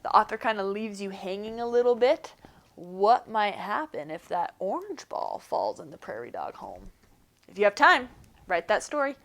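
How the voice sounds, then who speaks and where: A woman, a teacher, reading a children's picture book aloud in an expressive storytelling manner. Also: medium pitch, moderate pace.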